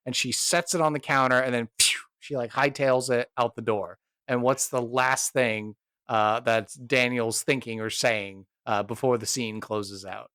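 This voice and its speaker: A man's voice: mid-range voice, a bit bright, smooth, dry recording, studio quality. A man narrating a tabletop game as game master, rambling and upbeat with lots of fillers.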